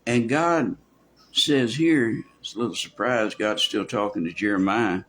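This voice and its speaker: A man's voice: fairly low pitch, unhurried, a bit bright, slight background noise. A man preaching a verse-by-verse sermon in a folksy way, acting out quoted voices, with many restarts. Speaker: pastor. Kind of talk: expository sermon.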